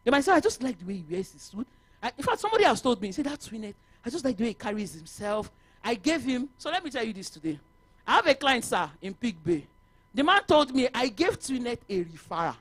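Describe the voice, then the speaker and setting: A woman with a Nigerian accent giving a talk to realtors at a conference, lively and mixing in Yoruba phrases. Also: fairly high pitch, quick pace, no echo. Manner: animated, mixes Yoruba and English, laughs often. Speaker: conference speaker. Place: conference hall.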